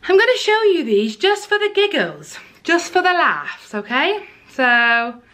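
A woman's voice: high voice, sing-song, measured pace, pushed and bright. A young woman chatting casually to camera in a try-on haul, outspoken and exasperated. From United Kingdom. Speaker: fashion vlogger.

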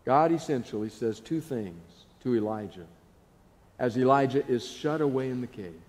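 A male pastor giving a sermon, telling the story dramatically with hushed pauses. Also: medium pitch, expressive. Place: church sanctuary. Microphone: live broadcast mic. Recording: long church reverb.

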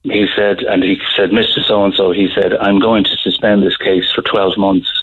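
A middle-aged Irish man telling a story in a radio interview, halting, with many restarts. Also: deep voice, level tone, slightly rough. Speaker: guest author. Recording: phone-line audio.

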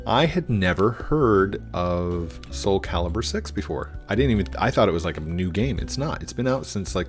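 A gaming YouTuber with a low voice and darkish tone chats casually while playing, rambling and getting easily distracted in his gameplay commentary.

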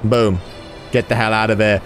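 A man hosting a gaming video, giving excitable let's-play commentary, swearing and yelling in reaction. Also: fairly low pitch, normal speed, faint music behind.

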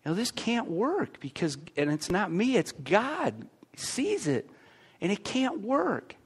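American guy pastor giving a sermon, talky, lots of little restarts, pitch bouncing around. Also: slow, slightly rough. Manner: animated, conversational preaching with stammered restarts. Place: church.

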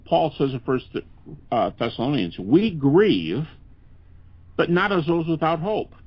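A man's voice: a little high, very animated, a little slow, no room sound. An older man, a guest scholar in a podcast interview, speaking earnestly and conversationally with frequent restarts. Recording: dull, lo-fi podcast audio.

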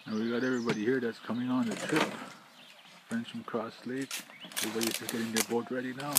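Out by lakes and rivers, a trip vlogger from northern Manitoba, Canada, speaks into a handheld camera with a quick, flat, medium-pitched voice. He gives short, clipped progress updates in a casual travel vlog, and the outdoor camera audio carries clear background noise.

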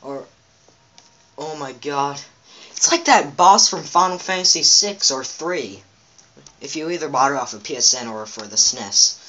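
A man's voice: mid-range voice, pushed and bright. A man giving rambling, chatty commentary on his own gameplay, talking straight to his viewers from a home setup. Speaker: let's play gamer.

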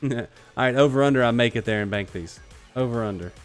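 A man giving live commentary while playing an online shooter, excitable and joking, trash-talking his opponents. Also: medium pitch, fast. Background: faint background music.

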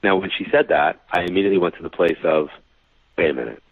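Deep-voiced man on a phone-like line. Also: quick pace, breathy edge, dry recording. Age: 40s. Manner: animated storyteller who acts out quoted dialogue. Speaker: guest, psychic medium. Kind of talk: casual storytelling interview. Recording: dry, tinny phone-like line.

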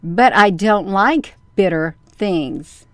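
A woman's voice: mid-range voice, animated, takes it slowly, dry recording. A woman voicing a whining, stubborn wooden puppet boy in a storybook reading. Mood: whiny. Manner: whining, wailing protests.

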